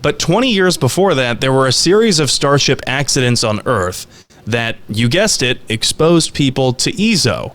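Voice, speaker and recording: A man hosting a podcast, explaining game lore in a steady storytelling way. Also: medium pitch, moderate pace. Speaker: podcast host.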